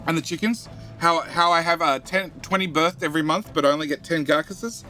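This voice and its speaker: Bright-voiced Australian man streaming a game. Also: a little high, fairly quick, soft background music. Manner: rambling, repeats himself, mutters to himself while playing. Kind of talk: casual live-stream commentary, answering chat.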